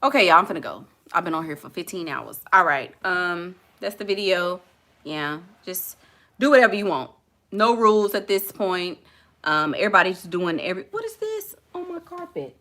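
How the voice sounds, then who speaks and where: Casting: bright, forceful young woman with a Houston drawl, blunt and laughing as she riffs on viewer comments. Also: fairly low pitch, normal speed. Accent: Southern US (Houston). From Houston, Texas. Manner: blunt, laughing, talks back to chat. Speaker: vlogger reading live comments. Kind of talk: casual chat.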